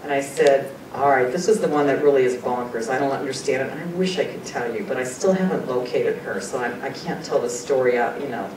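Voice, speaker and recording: This woman, a guest speaker at a personal storytelling talk, moves fairly quickly with hardly any pauses. Earnest and conversational, she laughs a lot, quotes people, and sometimes nearly cries. Her voice comes from far away in a reverberant meeting room, backed by a low rumble.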